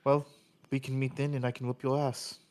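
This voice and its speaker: A man's voice: medium pitch, flat delivery, fairly quick, a little mellow, lightly acted. A man voicing a confident young female demigod chess rival with a put-on English accent, talking cockily between fillers. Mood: boastful. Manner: cocky, hesitant fillers.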